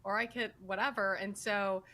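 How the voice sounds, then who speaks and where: A woman's voice: mid-range voice, fairly even intonation, normal speed, bright, forceful tone. A woman speaking as a guest in a casual panel chat, using "like" a lot as she explains. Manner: chatty, uses filler "like".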